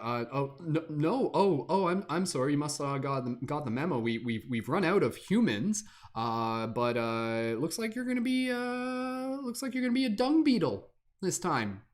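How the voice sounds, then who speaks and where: A man's voice: on the high side, big pitch swings, normal speed, pitched above the performer's own voice. A man voicing a flustered cosmic reincarnation clerk who stammers and apologizes. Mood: apologetic.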